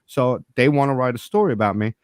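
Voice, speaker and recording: Speaking fast in a medium-pitched voice, a man tells a story during casual podcast talk, swearing nonstop and acting out what others said. There's no echo, and the audio is studio quality.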